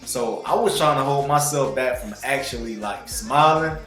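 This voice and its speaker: A man's voice: medium pitch, normal speed, fairly bright tone. A man in his twenties telling a personal story to viewers in laid-back, slangy talk. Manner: laid-back slang, calls listeners bro. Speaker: vlogger. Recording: roomy echo with faint music.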